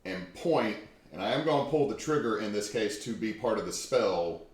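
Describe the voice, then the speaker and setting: A man's voice: fairly low pitch, expressive, normal speed. A man playing a tabletop game, thinking his moves through aloud with hesitations. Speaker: player. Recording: echoey room with faint noise.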